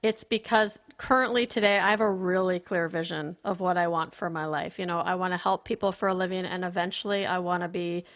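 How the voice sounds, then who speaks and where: A woman guest on a podcast, talking candidly and telling her story in an animated, casual way. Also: lowish voice, a little fast, hardly any pauses. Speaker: podcast guest, performance consultant.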